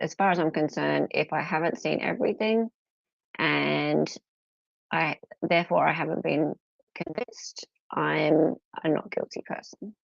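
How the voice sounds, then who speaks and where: A woman's voice: deep voice, creaky, no echo. An Australian woman hosting a livestream, chatting casually and playfully with her chat. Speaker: livestream host reading chat. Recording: dull lo-fi sound.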